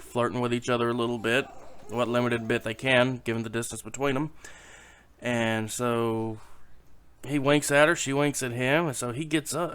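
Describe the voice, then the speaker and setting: A man telling a long, rambling dirty joke straight to camera in a loose, casual way. He swears freely and pauses to hush his little daughter, whom he holds on his lap at home. His voice sits at a plain, middling pitch. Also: smooth. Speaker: YouTube joke teller.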